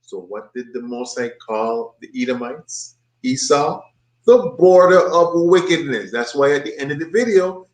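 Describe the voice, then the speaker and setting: A man leads a bible study and talks over a video in a forceful, preaching way. His voice sits fairly high and jumps up when he mocks what he has heard. The recording rings with the echo of a room. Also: animated, a little slow. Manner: emphatic, mocking, repeats points with rising pitch. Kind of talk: preaching commentary on a played video.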